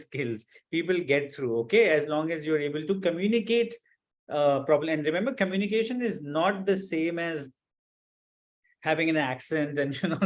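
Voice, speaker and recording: A man teaching a live online class, answering a student's question earnestly with many fillers and reassurances. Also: fairly high pitch. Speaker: course instructor.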